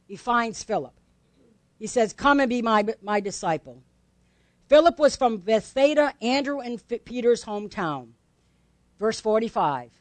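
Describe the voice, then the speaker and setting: A woman's voice: on the high side, no echo. A woman pastor preaching a sermon in a conversational way, often asking the congregation questions and laughing lightly.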